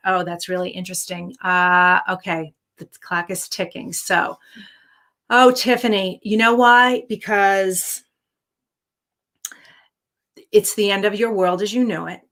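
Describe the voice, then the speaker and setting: A woman's voice: medium pitch, measured pace, a bit bright. A woman hosting a live-streamed show, answering viewer questions with earnest, encouraging life-coaching advice.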